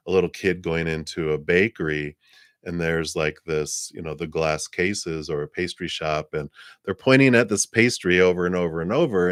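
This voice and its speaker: A very deep-voiced man chats through a live psychic reading, his delivery loose and rambling with soft laughs and plenty of ums. The sound is close and dry, with no room around it. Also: dry recording. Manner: rambling, gentle, laughs often, many fillers. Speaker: psychic reader. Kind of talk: live-stream reading, casual chat.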